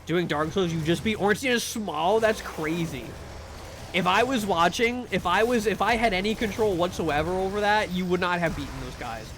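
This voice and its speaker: A man streaming live, chatting casually with his viewers in a rambling, profane way, with bursts of excited sing-song greetings. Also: high voice, moderate pace, a little hiss or hum.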